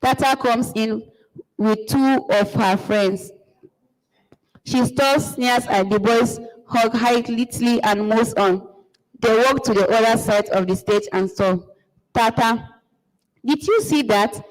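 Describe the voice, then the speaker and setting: A woman with a Nigerian accent reading a play aloud in a plain, measured way, naming each speaker. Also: a little high, steady tone. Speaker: marathon read-aloud reader. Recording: long reverb.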